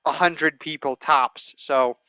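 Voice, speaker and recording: A man narrating a tabletop game as game master, halting and full of restarts as he describes scenes. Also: on the high side, sharp tone, clean tone, no echo. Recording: dull, lo-fi stream audio.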